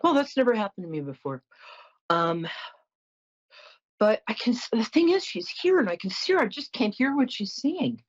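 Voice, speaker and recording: A middle-aged woman hosts a psychic call-in show, chatting, apologizing and telling anecdotes in a frank, blunt, warm-hearted way. Her voice is a little high, very animated and husky, at a moderate pace with long pauses, on a muffled recording.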